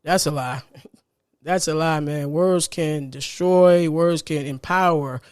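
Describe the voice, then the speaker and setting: A man's voice: fairly high pitch, slow. A man hosting a podcast, giving a casual motivational monologue, earnest and repetitive, often ending phrases with "man". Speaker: podcast host.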